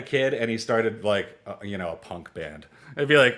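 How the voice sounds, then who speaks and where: A man in his forties gives a casual online lecture on music theory to a small class. He's chatty and digressive, full of quick asides and laughs, wandering into stories and acting out little exchanges with lively jumps in pitch.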